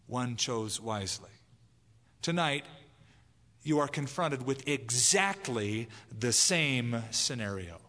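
Man preacher, slightly high voice, animated delivery, big hall echo. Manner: animated, acts out voices in quotes. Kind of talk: evangelistic sermon. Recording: long hall reverb.

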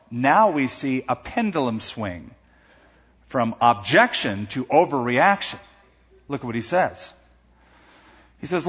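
A man preaching a sermon with a lively, swooping delivery and a slightly high pitch. His voice is a bit husky, and he brings quoted lines to life with their own voices. The sound is dull and lo-fi, with a long echo from a large hall. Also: measured pace, pauses often. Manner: animated, acts out quoted voices. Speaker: pastor.

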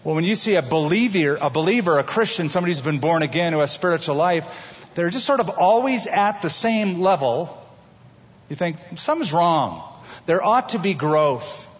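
A man preaching a sermon as pastor, telling it in an animated way with homey everyday examples. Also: fairly high pitch, brisk, breathy edge. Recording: dull recording with long hall reverb.

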